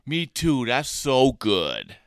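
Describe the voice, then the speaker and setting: A man's voice: mid-range voice, wildly swooping pitch, slow pace, heavy background noise. A man hosting a playful homemade radio show, with goofy, repetitive banter.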